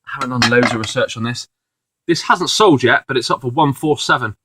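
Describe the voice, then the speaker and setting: A man's voice: medium pitch, a little fast, background noise. A man talks casually through his finds as a reseller vlogger, rambling along with lots of fillers and restarts. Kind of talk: casual video commentary.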